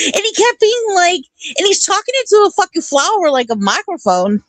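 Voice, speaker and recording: Animated, high-voiced woman telling stories. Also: a little fast, hardly any pauses, no echo. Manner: animated storytelling, swears a lot, laughs often. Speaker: panel co-host. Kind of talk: casual chat.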